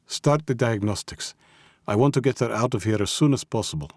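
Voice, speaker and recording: A man's voice: mid-range voice, a little fast, darkish tone, dry recording, clean studio sound, voice pushed up, natural voice. A man doing a curt, brooding bodyguard. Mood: commanding. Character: big brooding mob bodyguard, lovestruck.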